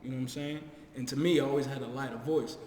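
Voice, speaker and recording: A man's voice: medium pitch, very fast, a little hiss or hum. A man co-hosting a podcast, talking casually and emphatically with plenty of swearing. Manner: animated, emphatic, profane. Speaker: podcast co-host. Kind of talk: casual chat. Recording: echoey room with long reverb.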